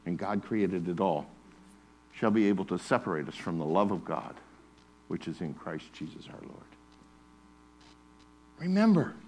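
A male pastor preaching a sermon in a church, passionate and rising to loud, emphatic bursts on scripture. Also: fairly low pitch, husky.

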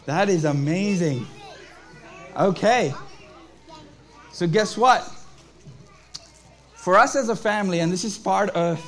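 A man's voice: high voice, slow pace, long pauses, fairly bright tone, some chatter behind. A man leading a family church service, preaching to children and adults in an upbeat way and asking them questions.

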